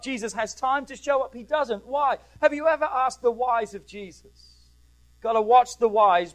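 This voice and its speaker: High-voiced man preaching a rousing sermon. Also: rough recording. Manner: rousing, call-and-response with the congregation.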